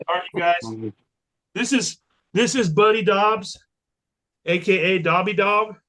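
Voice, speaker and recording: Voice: medium pitch, lively intonation, a little slow, bright, forceful tone. A podcast host keeping things upbeat and easygoing in casual chat.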